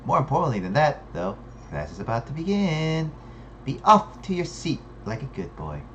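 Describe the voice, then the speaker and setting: A man's voice: mid-range voice, big pitch swings, normal speed, a bit bright, muffled recording, slight background noise. A man voicing a cheery, smirking male school principal as he reads game dialogue aloud. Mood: jovial.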